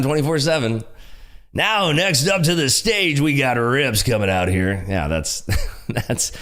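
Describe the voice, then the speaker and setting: A man with a loud, projecting voice hosts a casual day-trading livestream. His pitch swings widely as he reads out and answers viewer comments. He is upbeat and eager, with a voice made to fill a room. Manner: lively, enthusiastic, frequent laughs.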